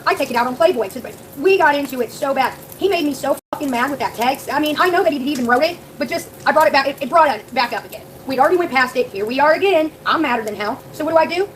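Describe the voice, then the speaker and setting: A young woman rattles through a story on her live stream, talking straight to her chat. She speaks quickly in a fairly high voice, blunt and full of profanity, with a faint hiss behind her. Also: rough recording.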